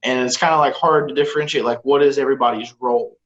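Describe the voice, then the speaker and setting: A man interviewing a guest, asking his question haltingly, full of "like" and restarts. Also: mid-range voice, steady tone, fairly bright tone, highs cut off. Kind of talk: casual interview talk.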